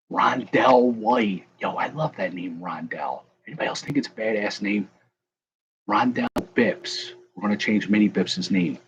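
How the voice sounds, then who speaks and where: A man's voice: on the low side, dull audio, a little hiss or hum. A young man casually chatting with viewers on a livestream while he opens card packs, joking and calling out people in the chat by name. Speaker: card breaker livestream host.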